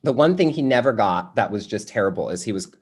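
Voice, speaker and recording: A man's voice: on the low side, quick pace, breathy edge. Man telling a story in a workshop. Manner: conversational, animated, many fillers. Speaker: workshop teacher. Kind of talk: personal storytelling in a workshop talk.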